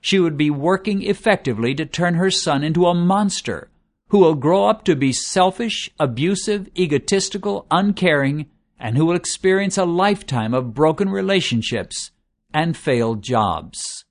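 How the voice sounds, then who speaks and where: A man preaching a sermon in an earnest, measured way, slowing down to stress lists of words. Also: on the high side, animated.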